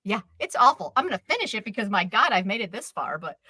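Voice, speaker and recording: A woman co-hosting a live stream chat, ranting in an exasperated, animated way. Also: mid-range voice, quick pace, no room sound. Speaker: co-host.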